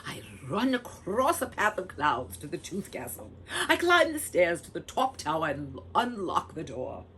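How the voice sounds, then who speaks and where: A woman reading a children's storybook aloud in a low-set voice whose pitch swoops widely from line to line. She takes her time, unhurried and expressive, acting out every part. A faint hiss runs underneath. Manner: very expressive, acts out the characters.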